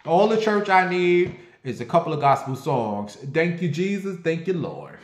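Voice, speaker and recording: A man's voice: fairly high pitch, moderate pace, slight background noise. Sassy, brash man ranting in an echoey room. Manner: sassy, brash and profane, animated. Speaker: online commentator. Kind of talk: casual gossip rant.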